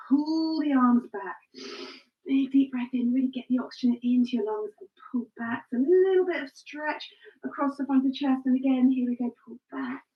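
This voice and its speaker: Woman, fitness instructor, encouraging, distant dull recording. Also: high-pitched. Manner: encouraging, cueing breaths and counts. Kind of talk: live exercise class instruction. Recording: distant, dull lo-fi live stream.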